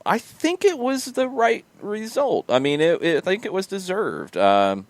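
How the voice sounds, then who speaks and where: A man's voice: sits high, big pitch swings, measured pace, no room sound. A man hosting a sports podcast, talking casually through match results and thinking aloud with frequent ums. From United States. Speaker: podcast host.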